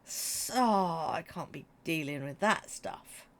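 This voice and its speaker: A British woman with a low, animated voice speaks slowly as she streams a game and chats casually with viewers. She's got a runny nose, cracks plenty of jokes, and reads out and responds to chat messages.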